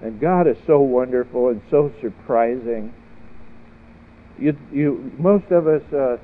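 A man preaching an earnest sermon at a slow, deliberate pace, now and then climbing to emphatic peaks. The sound is thin and phone-like, with a faint hiss underneath. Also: medium pitch. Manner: earnest, rising to emphatic peaks with repeated questions. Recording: tinny phone-like audio with faint noise.

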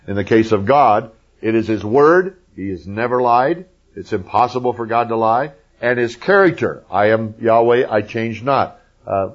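A male preacher explaining scripture with emphasis and folksy asides to the audience. His voice sits in a middle pitch, and the recording sounds muffled and lo-fi. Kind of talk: Bible teaching.

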